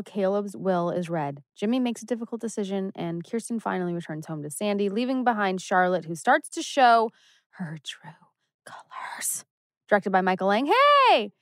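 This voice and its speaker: A woman's voice: medium pitch, smooth, no room sound. A woman co-hosting a podcast, playful in casual chat and reading a short synopsis aloud. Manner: playful, quick to laugh. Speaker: podcast co-host.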